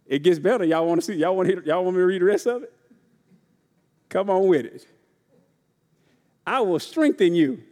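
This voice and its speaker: A man's voice: high-pitched, fast talker, pauses often, dark tone. A man preaching a sermon to his congregation, with casual, folksy call-and-response delivery that keeps asking the room if they are ready. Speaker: pastor. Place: church sanctuary. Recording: long reverb of a large church hall.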